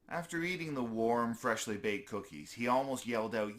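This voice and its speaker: A man's voice: mid-range voice, expressive, normal speed, few pauses. A man reading a children's story aloud in an easygoing way, with small slips he corrects as he goes.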